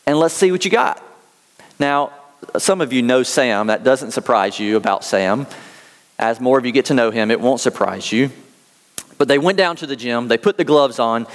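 An American man delivers a sermon, moving between earnest storytelling and scripture reading. His voice sits in an ordinary middle pitch. A long reverb rings around him, as in a large hall. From United States. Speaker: pastor.

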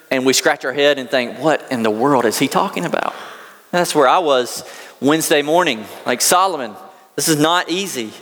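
A Southern-accented male pastor delivers a sermon, reading scripture and then breaking into casual, folksy asides. His voice sits a little high for a man. The sound carries a long, lingering reverb, as in a large hall. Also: a bit bright.

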